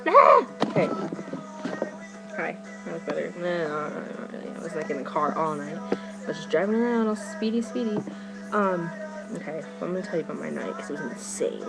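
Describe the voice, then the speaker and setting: A teenage girl vlogging to her webcam, telling a story excitedly and rambling with "like" in nearly every phrase. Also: sits low, a little fast, creaky, poor audio. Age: teens. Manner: rambling, fillers, "like" constantly. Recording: music playing behind her.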